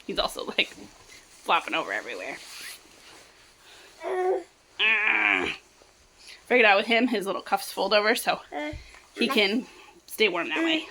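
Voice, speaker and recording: A young woman hosting a family vlog outdoors in the snow, chatting casually to a handheld camera and cheering on small children in an excitable way. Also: medium pitch, a little slow, long pauses, a little hiss or hum. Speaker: vlog host and mother. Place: outdoors in the snow, backyard sledding hill.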